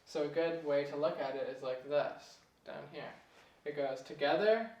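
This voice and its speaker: A young man giving a casual piano lesson, relaxed and chatty, chuckling at himself now and then. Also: fairly high pitch, normal speed, distant mic, muffled recording. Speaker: piano teacher. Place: room with a piano. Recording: echoey room, voice off-mic.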